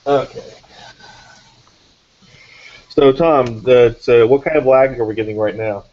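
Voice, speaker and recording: A man's voice: medium pitch, slow, highs cut off. A man taking part as an artist on a live stream, chatting casually and making laid-back jokes. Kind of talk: casual banter.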